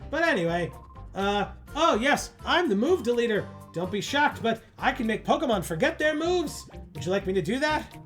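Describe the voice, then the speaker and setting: A woman's voice: fairly high pitch, big pitch swings, moderate pace, faint music behind, voice pushed up. A woman reading the lines of a proud, indignant game character who deletes moves. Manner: pompous, indignant.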